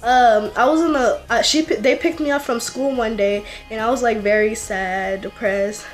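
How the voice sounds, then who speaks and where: A woman's voice: fairly high pitch, steady tone, normal speed. A woman telling a story to the camera in a rambling, casual way, full of fillers and restarts. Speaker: vlogger. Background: faint music.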